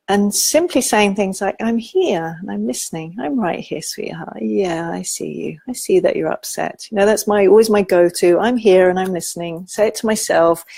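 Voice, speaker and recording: A woman giving a gentle, informal talk on parenting, teaching with soft asides and quoted examples. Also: lowish voice, gravelly, dry recording. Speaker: parenting educator.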